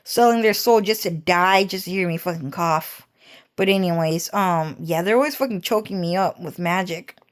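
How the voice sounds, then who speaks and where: A woman's voice: fairly low pitch, moderate pace. A young woman vlogger telling a meandering story in casual speech, repeating herself, swearing often and laughing as she talks.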